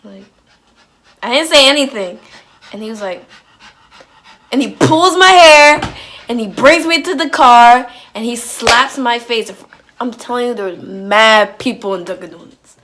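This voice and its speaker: A woman telling a personal story on her vlog in an animated, slangy way, full of "like"s and restarts. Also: high voice, measured pace, pauses often. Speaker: vlogger.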